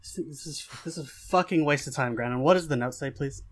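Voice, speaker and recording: A man's voice: a little high, fast talker, lightly acted. A man playing a small, streetwise young man who never went to school, blunt and swearing. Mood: impatient.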